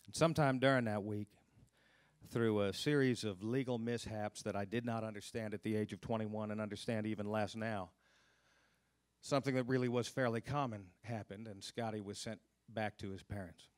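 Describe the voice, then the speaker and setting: A man telling a personal story on stage at a live storytelling event, earnest, sinking to hushed low tones at grim moments. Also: fairly even intonation, moderate pace, no room sound.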